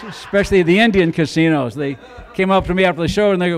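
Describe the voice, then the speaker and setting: High-voiced older man doing stand-up. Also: fast. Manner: rambling, folksy, self-mocking. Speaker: stand-up comedian. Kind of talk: stand-up comedy set. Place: comedy club stage.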